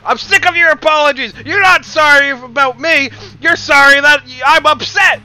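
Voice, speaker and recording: A man voicing an irate elderly brother who yells and blames, in a shrill, shouting voice. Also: moderate pace, heavily acted. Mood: furious. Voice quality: shrill, yelling.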